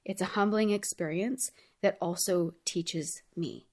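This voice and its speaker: A woman's voice: on the low side, measured pace, darkish tone. A woman hosting her own show, talking through a personal story in an earnest, heartfelt way, chatty and full of casual fillers. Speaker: podcast host. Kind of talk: personal reflective monologue.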